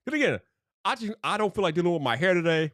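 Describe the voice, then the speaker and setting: A man telling a casual story as a streamer host, animated and slangy, full of "bro". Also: sits high, quick pace, dry recording, studio quality.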